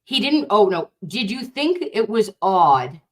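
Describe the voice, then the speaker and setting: An excitable woman with a thick Boston accent, reacting in a loose, chatty way. She swears and fires off rhetorical questions. Her pitch sits in the middle of the usual range. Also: a little slow. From Boston, Dorchester. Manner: animated, excitable, swears, calls viewers babe and loves. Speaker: host reacting to a juror interview. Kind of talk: casual reaction chat.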